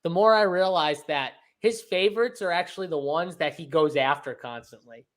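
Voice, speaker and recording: A man's voice: on the high side, normal speed, a bit bright. A man hosting a fight-betting show, chatty and profane, laughing often as he breaks down picks. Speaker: host. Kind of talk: casual sports betting talk.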